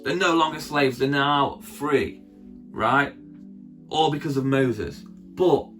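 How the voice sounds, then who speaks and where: A man retelling a Bible story for children in a chatty, playful way, often asking his listeners questions. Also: mid-range voice. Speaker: children's church leader.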